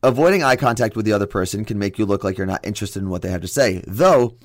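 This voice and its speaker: Chatty radio co-host, dry studio sound. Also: male voice, lowish voice, no room sound. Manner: joking, quick and chatty. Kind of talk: casual radio banter.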